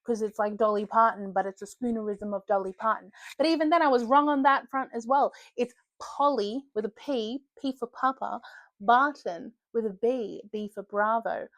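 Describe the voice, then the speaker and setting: Chatty woman with a high voice. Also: normal speed, a bit bright, no echo. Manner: chatty, joking, swears casually. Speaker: book vlogger. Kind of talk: casual chat.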